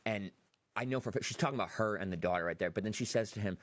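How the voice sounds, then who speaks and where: A man hosting a podcast, excitedly retelling a film's scenes and acting out the quotes. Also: on the low side, rapid-fire, no echo. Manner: animated retelling, acts out quotes. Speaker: podcast host. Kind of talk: excited movie review chat.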